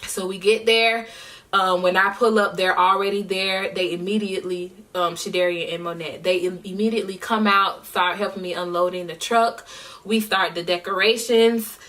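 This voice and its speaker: A woman chats through a vlog recap at an ordinary pitch. Her story rambles along with plenty of fillers and friendly shout-outs. Her voice sounds slightly distant from the microphone. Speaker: singer recapping her year. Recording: voice a bit distant from the mic.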